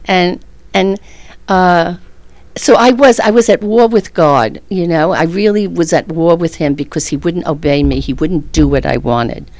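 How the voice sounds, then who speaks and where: A middle-aged woman with a low, deep voice tells a personal faith story in an earnest, animated way, laughing often between thoughts. The sound is dry and close, with no room around her. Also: measured pace, no echo. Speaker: guest.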